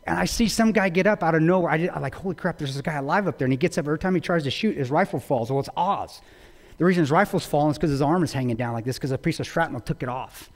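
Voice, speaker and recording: A man's voice: on the high side, rapid-fire. A man giving a public talk, retelling a story intensely with quoted dialogue. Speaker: guest speaker. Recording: long reverb of a large hall.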